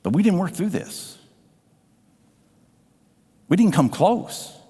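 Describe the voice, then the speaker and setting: A man preaching a sermon as pastor, telling a personal story with emotion and sometimes dropping to a hush. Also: high voice, sing-song, slow pace, slightly rough. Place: church sanctuary. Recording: live church sound with long reverb. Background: band playing softly.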